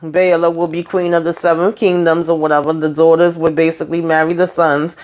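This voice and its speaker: A woman's voice: low voice, level tone, fairly quick, a little mellow. Chatty sassy woman recapping a show. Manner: chatty, sassy asides, many fillers. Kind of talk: casual recap commentary.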